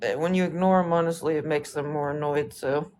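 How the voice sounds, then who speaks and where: A woman's voice: sits low, fairly even intonation, a little fast, a little mellow. A woman chatting casually on a livestream, brushing off trolls with a laid-back, dismissive, swear-heavy manner.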